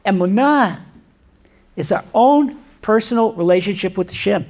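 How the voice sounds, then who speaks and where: A man, a rabbi, giving a sermon, telling a parable in an animated way with rhetorical questions. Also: high voice, normal speed. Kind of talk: sermon with storytelling.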